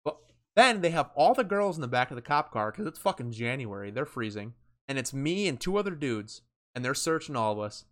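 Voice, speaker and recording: A man's voice: medium pitch, big pitch swings, fairly quick, fairly bright tone. A young man co-hosting a podcast, telling a story in casual chat with lots of swearing and acted-out quotes. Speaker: podcast co-host.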